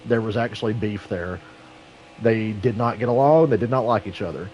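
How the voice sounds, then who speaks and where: A man streaming an online racing game, chatting casually and telling a story in a profane, animated way. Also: on the low side, normal speed, highs cut off, slight background noise. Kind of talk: casual gaming stream chat.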